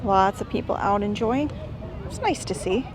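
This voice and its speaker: A woman vlogger narrates a casual travel vlog while strolling through a busy beach town, chatting enthusiastically and rambling. Her medium-pitched voice swings widely in pitch at a moderate pace, and outdoor street noise fills the background.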